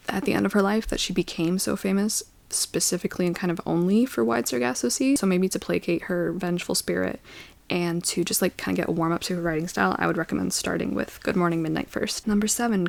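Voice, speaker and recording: A woman's voice: medium pitch, creaky, no echo. A young woman reviewing her favourite books in a casual vlog, gushing and playful, sometimes dropping into a whisper. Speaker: book reviewer.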